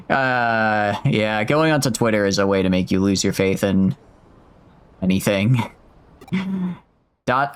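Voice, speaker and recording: A man casually commenting on a video game as he plays, rambling, interrupting himself and reading the game's dialogue aloud. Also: mid-range voice. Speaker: streamer. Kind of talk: casual let's-play commentary.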